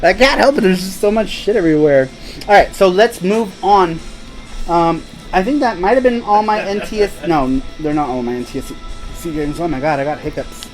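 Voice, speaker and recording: A man's voice: high voice, lively intonation, moderate pace, soft background music, rough recording. A man hosting a casual live stream, chatting in a rambling, laid-back way and laughing easily. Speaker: host.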